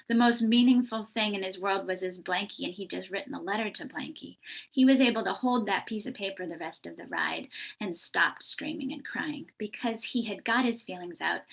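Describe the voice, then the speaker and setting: Bright-voiced woman author giving a talk. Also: medium pitch, creaky, husky. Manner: earnest, warm storytelling with many ums. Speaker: children's book author, guest speaker. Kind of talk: online summit talk.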